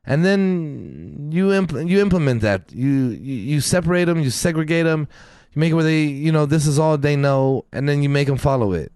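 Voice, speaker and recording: Animated, profane ranting man. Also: a little high, moderate pace, smooth, no echo. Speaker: podcast co-host. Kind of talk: casual chat.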